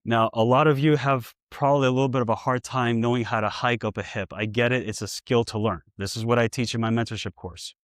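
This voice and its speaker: A man with a New York accent coaches a client through exercises, calling out brisk, repeated cues and tossing in jokes for viewers. His pitch sits in an ordinary middle range. The sound is dry and close. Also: steady tone, no echo. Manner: chatty, joking asides to viewers. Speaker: physical therapist and coach. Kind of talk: hands-on exercise demonstration.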